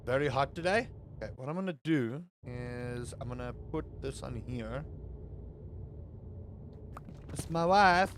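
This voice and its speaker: A man streaming a game, chatting casually and playfully with his viewers, sometimes bursting into loud, excited hype. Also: mid-range voice, unhurried, long pauses, background noise. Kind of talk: casual live-stream chat.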